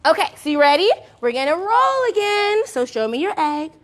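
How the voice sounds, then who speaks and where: A woman's voice: extremely high pitch, big pitch swings, normal speed. Bubbly woman leading a toddler music class. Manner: bubbly and encouraging, with gasps and playful sounds. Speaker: children's music class teacher.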